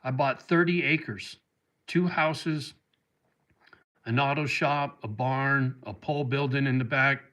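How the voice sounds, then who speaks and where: A man's voice: medium pitch, fairly even intonation, takes it slowly, a bit bright. A middle-aged man hosting a casual livestream, reading viewer comments aloud and answering them with heartfelt talk that gets choked up about dogs. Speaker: livestream host.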